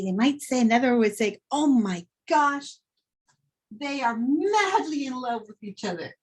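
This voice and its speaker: Woman teacher, husky voice, slow and deliberate, vocabulary lesson, acts out feelings. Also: medium pitch, low-quality recording. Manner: acts out emotions with dramatic quoted lines.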